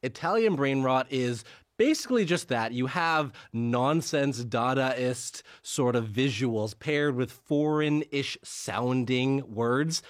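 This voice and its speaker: A man on a radio panel explaining internet culture, measured and amused. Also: medium pitch, dry recording, studio quality. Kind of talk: casual panel chat.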